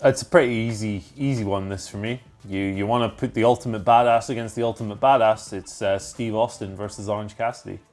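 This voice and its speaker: A man chatting as a podcast guest, joking and excitable with frequent laughs. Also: on the low side, a little fast, hardly any pauses. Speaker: co-host guest. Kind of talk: casual podcast chat.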